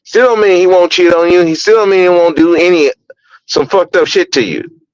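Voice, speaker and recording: Blunt high-voiced man ranting on a podcast. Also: fairly quick, no echo, muffled recording. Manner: blunt, profane, repeats words when heated. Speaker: podcast host. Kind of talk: opinionated podcast commentary.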